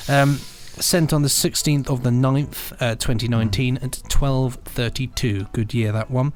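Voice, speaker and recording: A man co-hosting a podcast, chatting casually and reading out listener emails in a relaxed, teasing way. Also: medium pitch, unhurried. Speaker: podcast co-host.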